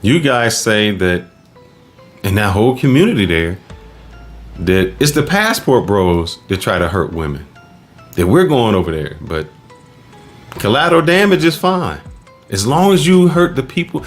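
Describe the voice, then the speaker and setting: A man co-hosts a reaction show, making his points emphatically. His pitch swings widely as he talks, and faint music plays underneath. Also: moderate pace. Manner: animated, emphatic. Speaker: co-host. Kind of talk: casual reaction commentary.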